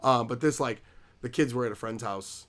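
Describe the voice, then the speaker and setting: A man's voice: medium pitch, normal speed, a bit bright. A man co-hosting a casual podcast, chatty and rambling with lots of fillers, often laughing. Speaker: podcast co-host.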